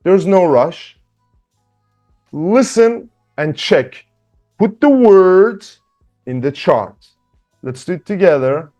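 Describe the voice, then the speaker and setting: A man teaching beginner through a workbook, patient, slowly spelling out sounds and repeating words. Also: high-pitched, expressive, warm tone, faint music behind. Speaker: English teacher. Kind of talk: slow workbook lesson for beginners.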